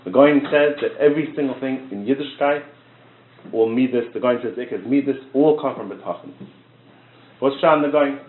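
Lively man telling a story in a lecture. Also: mid-range voice, normal speed, slight background noise. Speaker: rabbi teaching a class. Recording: tinny phone-like sound in an echoey room.

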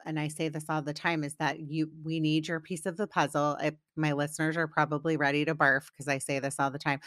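A woman's voice: sits low, pushed and bright, no room sound, studio quality. A woman hosting a podcast, talking to her guest in an encouraging, conversational way. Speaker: podcast host. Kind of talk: conversational interview.

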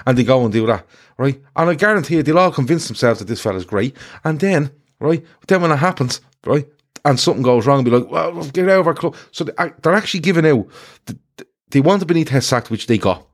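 A man's voice: medium pitch, fast talker. Swearing man ranting about football. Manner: swearing, animated storytelling with mocked quotes. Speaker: podcast host. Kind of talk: casual football chat.

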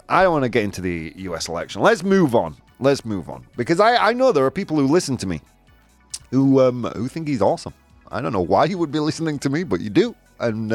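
A man's voice: mid-range voice, no room sound. A man hosting a casual news chat show, chatty and jokey, laughing often and making asides. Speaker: host.

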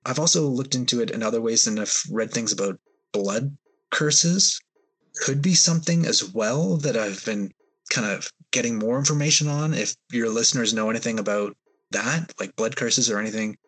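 A man's voice: medium pitch, moderate pace, a bit bright, husky. A man, a guest on a podcast, tells a personal story in a hesitant, rambling way with many fillers. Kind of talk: storytelling in an interview.

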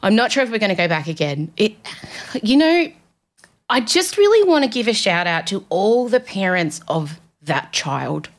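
A woman's voice: medium pitch, big pitch swings, moderate pace. A chatty woman hosting her podcast from a studio, her voice sitting in an ordinary middle register. She runs through casual, self-mocking stories in a loose comedic monologue. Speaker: podcast host.

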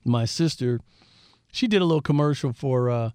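A Southern California man in his fifties, interviewed as a guest, animatedly recounts stories and acts out others' words. His medium-pitched voice is clean, echo-free, and moderately paced.

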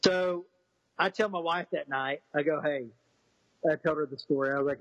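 A man's voice: a little high, fairly even intonation, moderate pace, long pauses, no room sound, highs cut off. A man telling a personal story in a rambling, casual way, with many restarts, acting out what others said.

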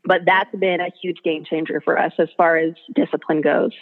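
Mom guest on the phone, lowish voice, tinny line, earnest storytelling. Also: female voice, fairly even intonation, moderate pace. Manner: earnest, storytelling, acts out her kids' voices. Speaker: guest, mother and blogger. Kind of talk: casual interview chat.

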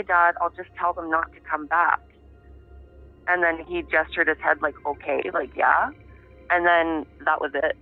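A woman giving an interview over the phone, telling her story in a halting, reflective way. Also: fairly low pitch. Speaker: interviewee, daughter of the subject. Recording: narrow tinny phone line.

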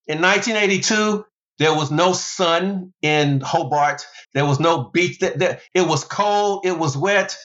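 A man from the United States telling stories in an interview as a former basketball player and motivational speaker, animated, with big leaps in pitch for emphasis. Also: moderate pace, dull audio. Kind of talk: storytelling interview.

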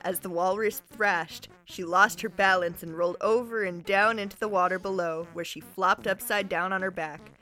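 A woman podcast co-host reading a comic story aloud with a giggly, animated delivery. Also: medium pitch, normal speed, hardly any pauses, faint music behind.

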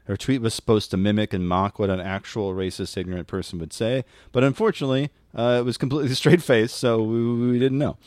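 A man's voice: medium pitch, steady tone, fairly quick, hardly any pauses, a little mellow, no echo. A man co-hosting a casual comedy podcast, loose and jokey, breaking into laughter and swearing freely. His voice sits mid-range and the recording is dry and close, with no room sound. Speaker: podcast co-host.

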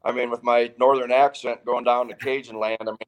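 A man's voice: medium pitch, level tone, a little fast, poor audio. An older man from Wisconsin, a football coach telling stories of his career in a chatty, easygoing way. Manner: chatty, restarts phrases. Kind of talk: casual interview storytelling.

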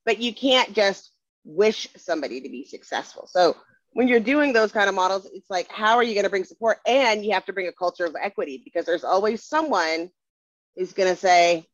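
A woman's voice: mid-range voice, lively intonation, fairly quick, no room sound. A woman speaking earnestly in a casual conversation, making her points with emphasis. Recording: dry, dull lo-fi sound.

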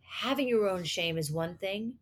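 A middle-aged woman guest in a casual interview, often halting and restarting her sentences. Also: mid-range voice, expressive.

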